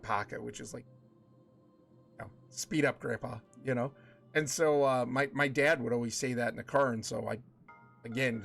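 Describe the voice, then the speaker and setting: A man at mid pitch chatting loosely on a live game stream, drifting into long anecdotes and circling back on his words. Game music plays clearly underneath him the whole time. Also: a bit bright. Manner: rambling, chatty storytelling with frequent restarts. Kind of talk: casual live-stream chat while gaming.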